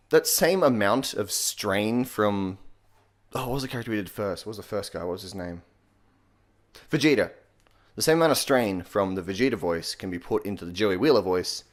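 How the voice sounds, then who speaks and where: A man with an Australian accent giving a joking voice tutorial in a deadpan, sarcastic way, swearing casually. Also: on the low side. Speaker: comedy YouTuber.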